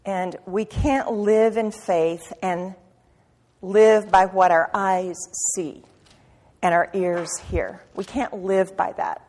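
A woman preaching a sermon with passion, firing rhetorical questions and swinging from loud to hushed. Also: medium pitch, steady tone, slow. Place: church sanctuary. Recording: reverberant hall.

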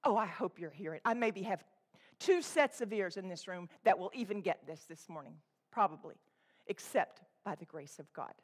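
A woman preaching a sermon to a congregation, swinging between loud exhortation and hushed, intense asides. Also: lowish voice, lively intonation, normal speed. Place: church room with a congregation.

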